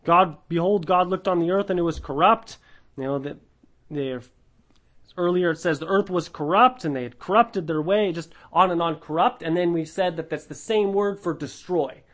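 A man's voice: a little high, fairly bright tone. A man leading a Bible study, reading scripture aloud and then explaining it in an earnest, conversational way with fillers and restarts.

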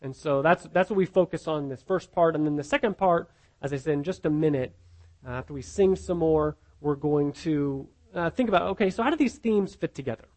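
A man with a high voice leads a Bible lesson in a relaxed sermon style. He talks conversationally, stumbles over repeated words, and checks in with his listeners. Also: brisk. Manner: conversational, repeats words, asks the group questions. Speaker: pastor teaching a Bible class. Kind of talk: informal sermon teaching.

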